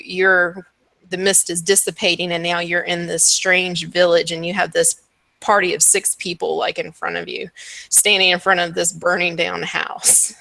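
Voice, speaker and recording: A woman running a tabletop game as dungeon master, her voice sitting low and dry, close to the mic. She laughs easily and fills her pauses with "um" as she sets each scene. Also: vocal fry, bright, forceful tone, no echo. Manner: laughs often, hesitant with fillers.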